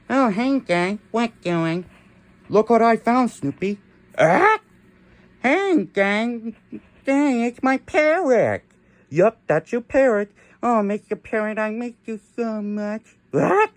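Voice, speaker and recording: A man voicing an excitable young boy who lost his pet parrot, in a squeaky, excited voice. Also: no room sound, heavily acted.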